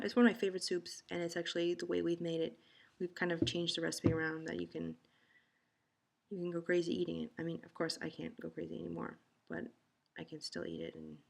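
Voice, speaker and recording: A woman's voice: low voice, gravelly. A tired woman talking casually in a rambling video diary from home. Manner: rambling, sleepy. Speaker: vlogger.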